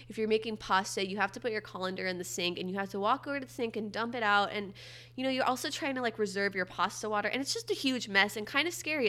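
Bright, chatty nasal woman host. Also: fairly high pitch. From Florida. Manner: chatty, wry, upbeat asides. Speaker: podcast host. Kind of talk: casual solo podcast chat.

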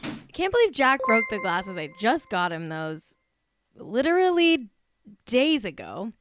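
A woman's voice: a little high, sing-song, measured pace, fairly bright tone, soft background music. A young woman co-hosting a podcast, chatting casually in an exasperated, joking way. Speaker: podcast co-host. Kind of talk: casual chat.

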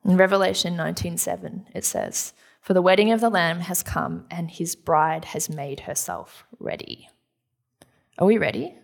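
A woman pastor delivers a sermon in an earnest, conversational tone. Her voice sits a little low for a woman. She slips into casual acted-out quotes as she preaches. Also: fairly even intonation, moderate pace, gravelly.

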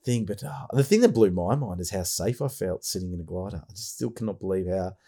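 A man hosts a casual podcast chat in a fairly low, mellow voice. He talks with eager enthusiasm, rambling and restarting his sentences as he goes. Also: animated, fast, slightly rough. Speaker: podcast host.

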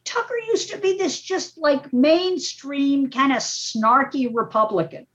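Animated older woman on a muffled line. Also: high-pitched, measured pace. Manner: animated, emphatic, frequent "okay?" tags. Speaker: guest, media professor. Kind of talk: casual podcast talk. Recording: dull, muffled audio.

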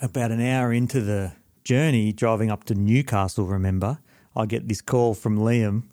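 A man hosting a podcast, chatting and telling stories quickly, often apologising for interrupting. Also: on the low side, steady tone, mellow, dry recording, studio quality. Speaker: podcast host. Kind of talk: casual chat and storytelling.

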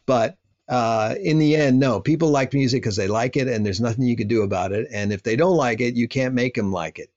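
A man's voice: medium pitch, brisk, a little mellow. An older man, a guitarist guest on a podcast, talking casually and reflectively, laughing at himself now and then. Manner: reflective, self-deprecating with laughs. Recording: slightly dull lo-fi sound.

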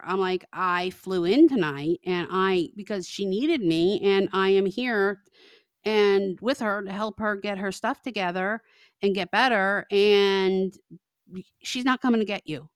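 Animated woman telling a story, dry mic. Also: medium pitch, normal speed, dry recording. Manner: animated, acts out both sides of phone calls. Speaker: podcast co-host. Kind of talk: casual storytelling chat.

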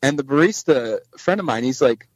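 A man at an ordinary middle pitch tells a long story as a podcast guest, acting out each exchange in bits of other voices. The sound is close and dry, with no room around it. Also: a little fast, no echo, low-quality recording. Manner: animated anecdote teller, acts out dialogue in voices. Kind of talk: casual storytelling chat.

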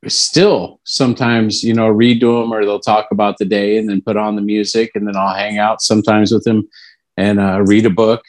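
A man's voice: on the low side, level tone, moderate pace. A man co-hosting a podcast, chatting in an easygoing way and laughing along as he gives parenting advice. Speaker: podcast co-host. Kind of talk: casual chat.

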